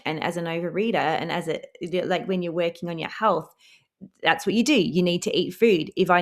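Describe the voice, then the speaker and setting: A woman hosting a spiritual self-help podcast, talking earnestly and slowing down to repeat calm affirmations and guide breathing. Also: lowish voice. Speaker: podcast host.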